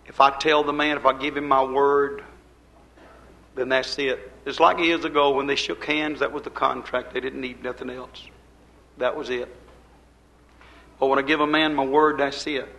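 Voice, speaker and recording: A man preaching a fervent sermon, swinging between loud, urgent lines and quiet, low asides. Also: gravelly, rough recording.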